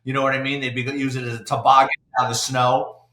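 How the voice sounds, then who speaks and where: An older man, a retired police detective telling salty, animated stories in an interview. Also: medium pitch, fast talker. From New York City. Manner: salty, animated anecdote-telling with acted-out quotes. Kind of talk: storytelling interview. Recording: roomy echo.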